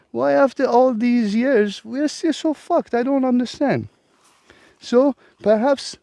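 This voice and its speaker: A man's voice: high voice, dark tone, no room sound. A man who hosts a self-help vlog, delivering a profane, exasperated ranting monologue. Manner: profane, emphatic, exasperated rant.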